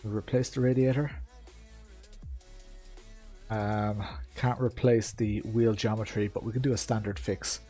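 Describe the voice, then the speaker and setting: A man's voice: fairly low pitch, little pitch movement, a little slow, pauses often, warm tone, soft background music. A man streaming a rally sim, chatting to his viewers in a loose, rambling way. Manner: chatty, rambling, full of fillers and asides to chat. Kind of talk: live-stream gameplay commentary.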